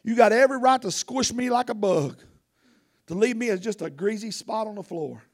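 A man preaching a sermon outdoors in a folksy, animated way with casual grammar. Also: high voice, normal speed. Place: outdoors, wind blowing.

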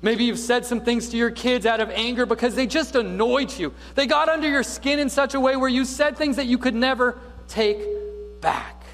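A man preaching a sermon as a pastor, with dynamic preaching that swings from loud to hushed. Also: very high voice, normal speed, soft background music. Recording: reverberant hall with faint mains hum.

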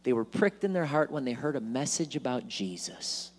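A man preaching a sermon in church, animated, acting out worried voices and joking asides. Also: medium pitch, moderate pace. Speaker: pastor. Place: church sanctuary.

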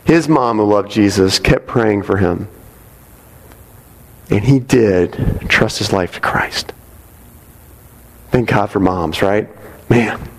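A man's voice: lowish voice, slow, long pauses. A man preaching a sermon to a congregation in a conversational way, often checking in with "right?". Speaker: pastor. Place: church sanctuary. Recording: long reverb of a large hall.

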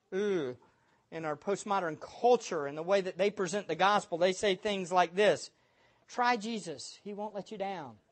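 A preacher giving a sermon, speaking emphatically and reading scripture aloud, building at times to loud exhortation. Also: medium pitch.

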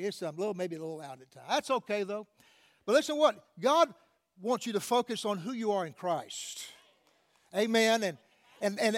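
A man preaching a sermon in a strikingly high voice. He calls out to the congregation for responses and often restarts his sentences, repeating words as he goes. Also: fairly bright tone. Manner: preaching with call-outs to the congregation. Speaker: pastor.

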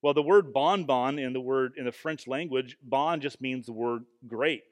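A man preaching a sermon in an earnest, emphatic way, often pausing with fillers and restarting his phrases. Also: medium pitch. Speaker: pastor. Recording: long hall reverb.

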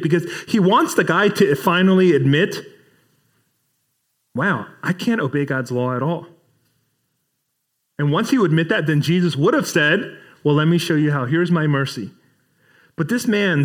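A male pastor preaching a sermon in a casual, conversational way, acting out bits of dialogue as he retells a Bible story. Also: high voice.

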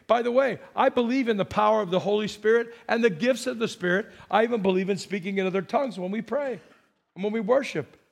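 A middle-aged man with a high voice preaches from the pulpit. He asks the congregation questions and has them repeat words back to him. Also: fast, gravelly. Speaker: pastor. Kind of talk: sermon.

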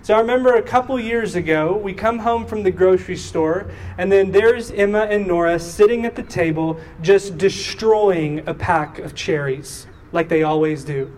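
A man's voice: high voice, normal speed, few pauses. A man in his thirties, a pastor preaching a sermon and telling a family story, acting out the voices in it. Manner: animated, acts out voices in his stories. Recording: distant mic with faint room noise.

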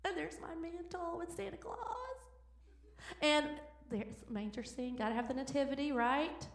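A woman's voice: high-pitched, moderate pace. A woman, the pastor's wife, giving a church talk in a bubbly, enthusiastic way with laughing asides. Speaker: pastor's wife and guest speaker. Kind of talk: sermon talk. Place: church sanctuary. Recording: echoey church sanctuary.

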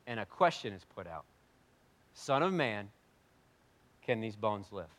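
A man preaching a sermon, animated and jokey, swinging between loud bursts and quiet asides. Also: on the low side, a little slow. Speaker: pastor.

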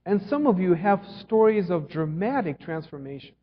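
A slightly high-voiced man preaching a sermon with earnest conviction. He presses some lines hard and lets others fall quiet. The sound is a little dull and rings with the long reverb of a church hall. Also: very animated, moderate pace, slight background noise. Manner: earnest preaching, swings between emphatic and hushed. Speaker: pastor. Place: church sanctuary.

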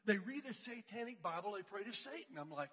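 A man speaking to a youth group, telling a story in an excitable, slangy way with frequent laughs, in a large church hall. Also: sits high, fairly quick. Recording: long reverb in a large hall.

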